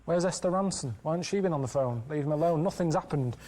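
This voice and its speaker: A man around forty telling rambling stories in a deadpan way during a casual studio chat. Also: a little high, fast. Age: 40s. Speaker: guest.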